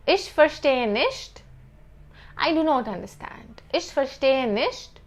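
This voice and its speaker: A woman teaching a beginner language lesson, saying each phrase slowly and repeating it several times. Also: high voice, lively intonation. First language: not German.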